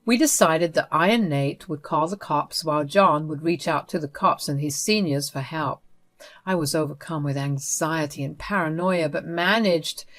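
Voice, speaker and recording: Woman reading a first-person story, steady and even, kinda low voice. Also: moderate pace. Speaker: story narrator.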